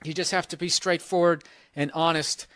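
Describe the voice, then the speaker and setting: A man's voice: fairly high pitch, steady tone, normal speed, fairly bright tone, no room sound, studio quality. Blunt, profane man ranting advice. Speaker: podcast host giving advice. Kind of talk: casual advice rant.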